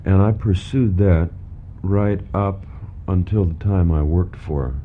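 A man with an extremely deep voice speaks slowly and reflectively about his past. The tape sounds narrow and phone-like, recorded in a hotel room. Faint traffic noise hums outside. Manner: measured, unhurried, halting. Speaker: radio humorist, interview guest. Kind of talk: reflective reminiscence in an interview. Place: hotel room, early morning.

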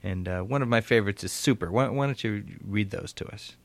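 A man interviewing an author, talking in halting, restarting sentences. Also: lowish voice, gravelly. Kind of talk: radio interview.

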